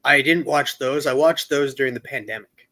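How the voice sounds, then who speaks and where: A man's voice: medium pitch, moderate pace, bright, forceful tone, poor audio. Easygoing man in casual chat. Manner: easygoing, filler-heavy.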